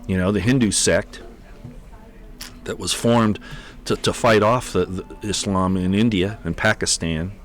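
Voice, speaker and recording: A man with a very low voice hosting a livestream. He rambles off the cuff, stumbling and restarting with repeated words, and sounds exasperated. He is on a computer mic. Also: steady tone, measured pace. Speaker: livestream host. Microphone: computer mic on an unsteady connection.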